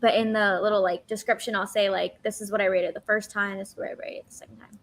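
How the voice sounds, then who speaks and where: A woman co-hosts a live reading stream over a video call. She sounds relaxed and easygoing, scattering "like" through her sentences and laughing easily as she chats. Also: mid-range voice, quick pace.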